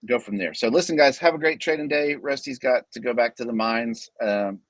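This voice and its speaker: A man's voice: medium pitch, fairly quick, no room sound. A man hosting a trading talk show in casual chat, joking and often restarting his sentences. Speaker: show host.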